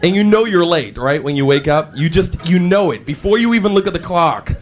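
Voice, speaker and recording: A man doing a stand-up comedy routine, animated and acting out scenes with silly voices in front of a live audience. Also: a little high, a little fast. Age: 19 then, now adult. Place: stage before a live audience. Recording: live club with loud crowd laughter and noise.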